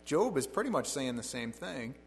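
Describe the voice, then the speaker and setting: A man's voice: medium pitch, sing-song, normal speed, gravelly, in a large hall, faint music behind, poor audio. A middle-aged man preaching through a Bible passage in a conversational way, with wry, sarcastic asides to his listeners.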